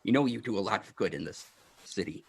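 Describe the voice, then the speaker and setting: A man voicing a small, fussy male gnome alchemist who runs a shop, stammering and hurried. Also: on the low side, lively intonation, gravelly, slight background noise. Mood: eager.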